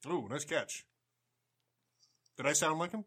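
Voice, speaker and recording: A man with a bright, forceful voice defends himself with jokes in loose podcast banter. His pitch swings widely as he talks. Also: expressive, measured pace, husky. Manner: laughing, defensive joking. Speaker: podcast co-host. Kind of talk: casual banter.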